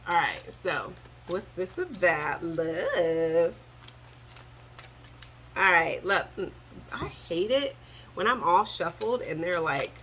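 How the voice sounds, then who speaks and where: A woman doing a chatty, animated tarot reading to camera, talking straight to her viewers as y'all. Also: lowish voice, slight background noise, rough recording. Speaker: tarot reader.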